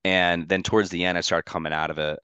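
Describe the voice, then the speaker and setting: Deep-voiced man telling a rambling story. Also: little pitch movement, quick pace, sharp tone, clear, resonant tone, no echo. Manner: rambling, heavy on "like" fillers, candid and swearing. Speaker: podcast guest. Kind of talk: casual storytelling chat.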